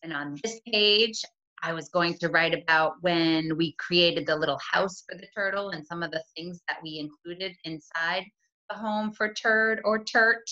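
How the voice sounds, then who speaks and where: Woman, 30s, primary teacher, bright and upbeat delivery, coaxing check-ins, muffled home-recorded audio. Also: low-pitched, moderate pace. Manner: encouraging, uses rising check-ins like "right?". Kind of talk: modeling a writing lesson for young children. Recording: slightly dull lo-fi recording.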